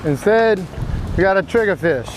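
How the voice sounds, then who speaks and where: A man's voice: high voice, expressive, normal speed, noisy background. A man hosting a fishing show from a boat, giving easygoing, joking tips as he fishes. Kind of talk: casual on-boat fishing commentary. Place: outdoors on a boat on the Gulf. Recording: background music over the voice.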